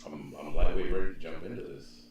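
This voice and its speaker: Male co-host, very low voice, blunt quips; distant, roomy mic under heavy noise. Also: steady tone, a little fast. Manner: short blunt interjections. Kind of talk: casual chat. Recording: echoey room, distant mic, loud noise.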